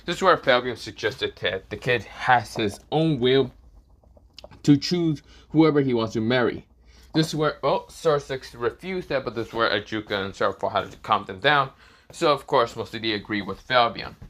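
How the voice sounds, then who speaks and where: A young man improvising a fan story aloud in a rambling, casual way, swearing freely and filling pauses with repeated stock phrases. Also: mid-range voice, a bit bright.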